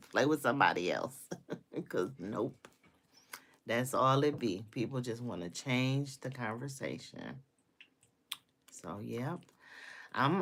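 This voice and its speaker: Blunt low-voiced New woman. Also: fairly bright tone. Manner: blunt, outspoken, laughs often. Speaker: livestream host. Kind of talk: casual venting livestream.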